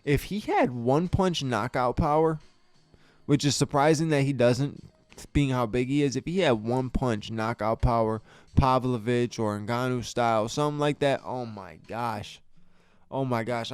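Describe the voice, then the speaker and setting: A podcast host reviews a fight casually in a studio, cursing in exasperation and repeatedly stammering and starting sentences over. The man's medium-pitched voice has a clean tone, and the recording is dry.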